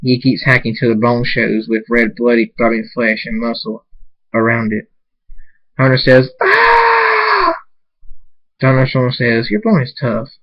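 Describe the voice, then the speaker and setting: A man reads a fan story aloud in a halting way, often stumbling and starting words over. His voice sits at a middle pitch. The recording is dull and lo-fi. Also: little pitch movement. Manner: halting, frequent stumbles and restarts. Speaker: reader of fan fiction. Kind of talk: amateur story reading.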